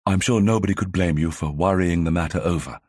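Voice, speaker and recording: A man's voice: low voice, quick pace, darkish tone, no room sound, studio quality. A man reading an audiobook, voicing a polite young vicar's daughter who speaks delicately and encouragingly. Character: tactful young vicar's daughter, genteel sleuth.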